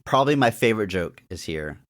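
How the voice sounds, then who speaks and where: A man's voice: on the low side, animated, fast, a bit bright. A man co-hosting a podcast, chatting casually about an old comedy film and laughing often. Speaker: podcast co-host. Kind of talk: casual movie discussion.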